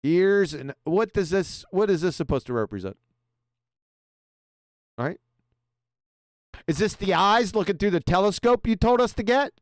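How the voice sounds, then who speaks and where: A man's voice: high voice, animated, unhurried, pauses often, no room sound, studio quality. A man hosting a show, mocking a video in abrasive, profane commentary. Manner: sarcastic, abrasive, swears a lot. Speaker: show host reacting to a video.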